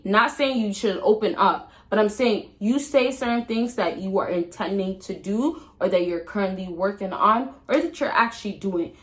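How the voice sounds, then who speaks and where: Talking straight to camera in a laid-back vlog, a medium-pitched woman dishes out dating advice with chatty emphasis. She shifts from loud excitement to soft calm and keeps breaking into laughter mid-sentence, captured on a rough recording.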